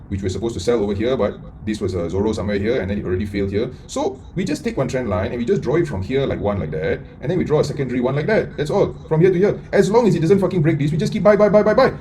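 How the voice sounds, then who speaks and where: A man teaching a live trading lesson in a blunt, profane way, firing rhetorical questions at his viewers and swinging between loud bursts and mutters. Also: mid-range voice, very animated, very fast, few pauses, a little hiss or hum. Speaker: trading mentor.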